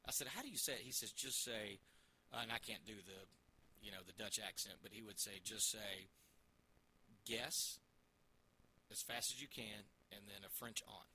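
A man co-hosting a sports podcast, talking in an animated, rambling way with many restarts. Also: fairly low pitch, moderate pace, long pauses, slight background noise, rough recording. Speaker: co-host, sports broadcaster. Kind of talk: casual sports chat.

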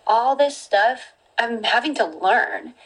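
A woman's voice: on the high side, takes it slowly, fairly bright tone, husky, poor audio. A woman hosting a podcast, talking about faith in a casual devotional way, earnest and full of fillers like "like" and "you know". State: getting emotional near the end. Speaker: podcast host.

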